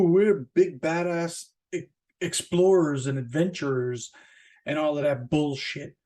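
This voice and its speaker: A man talks by himself on his own podcast in a loose, rambling rant. His speech is thick with swearing, fillers and false starts, and his pitch leaps upward whenever he hammers a point home. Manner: profane, rambling, with many fillers and restarts; animated, jumping up in pitch for emphasis. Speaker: podcast host. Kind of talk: casual solo rant.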